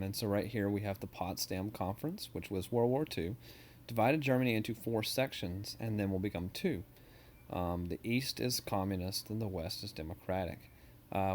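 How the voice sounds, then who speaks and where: A man's voice: on the low side, a little hiss or hum. A man history teacher giving a casual, joking recorded lecture over slides, with many ums and uhs.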